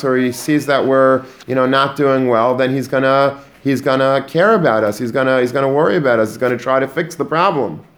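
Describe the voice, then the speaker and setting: A man giving a Torah lesson to students, animated, often repeating words and mixing in Hebrew and Yiddish terms. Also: medium pitch. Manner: animated, repeats words while building a point. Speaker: Torah teacher. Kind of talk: religious lecture to students.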